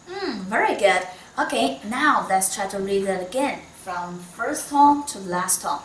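Slow-talking Chinese-accented woman teacher. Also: medium pitch. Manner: slow, patient, non-native English, many soft "mm"s. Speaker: Mandarin teacher. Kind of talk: one-on-one online lesson. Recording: echoey room, voice from a distance.

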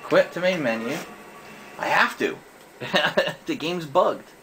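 A man's voice: on the high side, animated, slow, sharp tone, soft background music, rough recording. A young man giving frustrated, swear-heavy commentary while playing a video game. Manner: cursing, exasperated, thinks aloud. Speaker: gamer.

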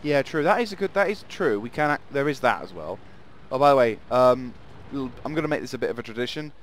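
A man's voice: medium pitch, expressive, quick pace. A man hosting casual gameplay commentary, rambling and playful, often laughing. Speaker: gaming channel host.

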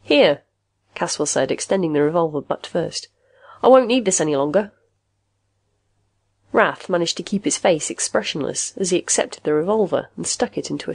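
Husky woman reading a story. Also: lowish voice, darkish tone, no echo. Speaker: audiobook narrator. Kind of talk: scripted narration.

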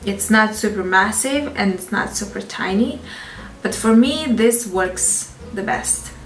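A woman's voice: medium pitch, measured pace, distant mic. Chatty French-accented woman in an echoey room. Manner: chatty, frank, laughs between phrases. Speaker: beauty vlogger. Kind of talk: casual product review.

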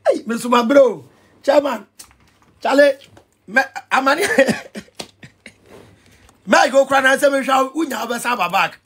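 A Ghanaian man ranting in an animated vlog commentary, excitable and mixing pidgin with Twi. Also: very high voice, measured pace, long pauses, husky. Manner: excitable, switching between pidgin and Twi, shouting and laughing. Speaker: vlogger.

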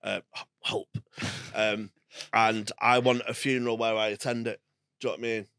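A man's voice: on the low side, little pitch movement, normal speed, bright, forceful tone, smooth, no echo, studio quality. A man, a comedian on a podcast, chatting casually with stammering restarts and jokes. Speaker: comedian guest.

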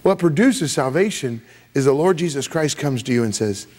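A man preaching a sermon as pastor, emphatic and repetitive, swinging from loud rises to soft drops. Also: fairly high pitch, animated, moderate pace. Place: church sanctuary.

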